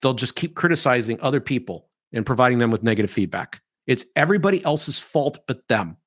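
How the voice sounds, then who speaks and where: A middle-aged man with a mid-range voice runs a podcast, speaking briskly. His commentary is opinionated and animated, with a mocking edge and some mimicry of others.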